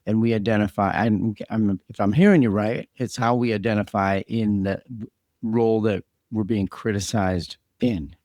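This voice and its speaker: A man in a casual podcast chat who keeps asking questions and checking that he has followed, his talk full of fillers. His voice sits fairly low. The recording is dry and close. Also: fairly even intonation, normal speed, a little mellow, dry recording. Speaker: podcast co-host.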